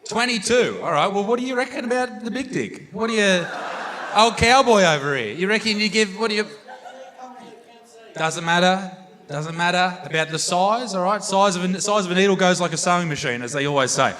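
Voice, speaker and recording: A young Australian man does stand-up on a theatre stage, doing brash, crude crowd work into a handheld mic. His high voice has lively intonation, a fairly quick pace, and a bit of brightness, with live hall reverb and audience noise.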